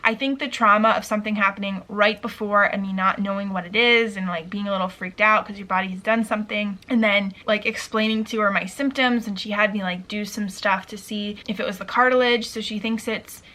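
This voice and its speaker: A woman's voice: mid-range voice, fairly even intonation, a little fast, hardly any pauses, pushed and bright. A woman in her thirties chatting casually in a vlog, out of breath and rambling with lots of "like" fillers. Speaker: vlogger. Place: at home by a window.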